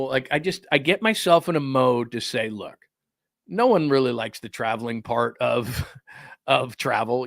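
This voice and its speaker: A man's voice: medium pitch, a bit bright, no room sound, studio quality. A middle-aged man hosting a sports talk show, chatting casually in a rambling, joking way. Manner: rambling, jokey, conversational.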